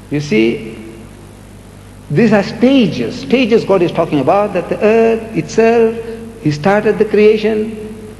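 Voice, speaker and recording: An older man with a high voice answers questions from a debate audience, animated and rhetorical, hammering points home by repetition. The sound carries the long echo of a large hall, with faint music underneath. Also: muffled recording. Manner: animated, rhetorical, repeats words for emphasis. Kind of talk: public debate Q&A.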